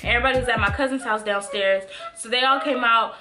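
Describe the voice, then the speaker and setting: A young woman from the Bay Area casually telling a personal story to her viewers, animated and full of "like" and "y'all". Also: a little high, fast talker. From Bay Area, California. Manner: animated, many "like" fillers, addresses viewers as "y'all". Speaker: vlogger. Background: music.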